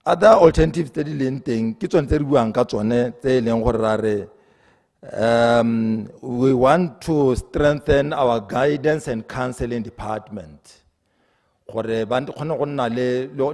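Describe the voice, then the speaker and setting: A man's voice: medium pitch, darkish tone, big-room sound. A man, a government minister, answering questions in parliament with many hesitations and switches into English. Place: parliament chamber.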